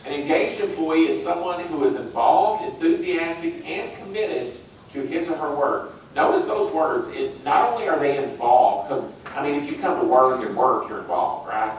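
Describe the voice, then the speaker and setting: A middle-aged man leading an orientation for new healthcare staff, chatty and quick to act out little scenes. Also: a little high, animated, very echoey, far from the mic, a little hiss or hum, rough recording. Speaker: orientation trainer. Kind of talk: casual training talk to new staff.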